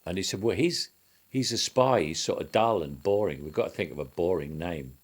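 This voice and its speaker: Older actor, deep voice, rambling recollection full of restarts. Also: male voice, lively intonation, fairly quick, slightly rough. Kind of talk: reminiscing interview.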